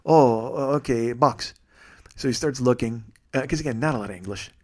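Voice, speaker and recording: A man in his forties, a comedian and podcast host, telling a story in an animated, profane, sarcastic way. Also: medium pitch, fast talker. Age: 40s.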